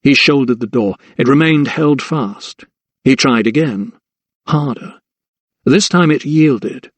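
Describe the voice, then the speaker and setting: A man's voice: medium pitch, takes it slowly, no room sound. Man reading a suspenseful mystery. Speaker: audiobook narrator. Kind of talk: scripted narration.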